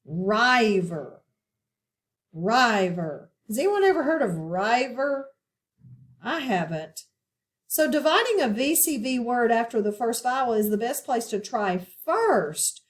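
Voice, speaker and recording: Woman teacher, slightly high voice, unhurried, patient questioning phonics lesson. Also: expressive. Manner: slow, patient, asks questions and pauses.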